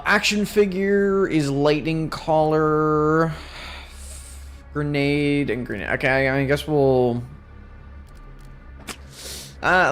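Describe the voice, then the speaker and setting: A young man streaming a video game, sounding exhausted and talking in a rambling, self-deprecating way. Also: a little high. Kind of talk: casual gameplay commentary.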